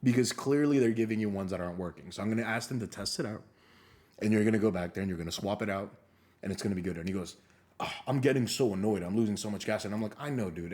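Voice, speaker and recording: A young man co-hosting a casual podcast, telling animated stories, swearing often and acting out what people said. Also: fairly low pitch. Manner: animated storyteller, swears a lot, acts out quotes. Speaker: podcast co-host. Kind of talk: casual storytelling chat.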